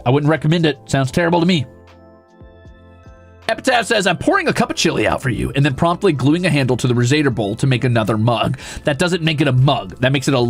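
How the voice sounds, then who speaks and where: A man's voice: a little high, vocal fry. A young man hosting a casual stream, reading viewer messages aloud and ranting about them with profane mock exasperation. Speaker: streamer host.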